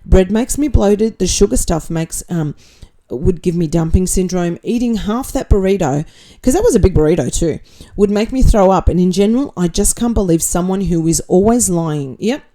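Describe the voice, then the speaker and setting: An Australian woman chats casually as a livestream host, reading out viewer comments and replying bluntly, with sarcasm and the odd swear word. Her voice sits on the low side and has a mellow, warm tone. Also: expressive, moderate pace.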